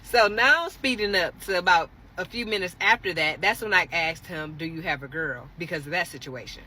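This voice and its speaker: A young adult woman casually telling a dramatic dating story straight to her viewers, animated and expressive. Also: on the low side, a little fast.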